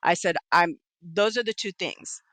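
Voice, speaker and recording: A middle-aged woman with a bright, forceful voice, recorded close and dry. She tells her own story candidly and with animation, slipping into the voices of the people she quotes. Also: on the low side, a little slow, dry recording. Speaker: podcast guest.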